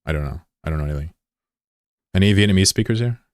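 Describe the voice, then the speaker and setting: A deep-voiced game streamer chats loosely with viewers while playing, drifting between thoughts with lots of "like" and the odd curse, rambling and curious. His intonation is lively and his pace quick. The sound is close and dry, with no room around it and no echo.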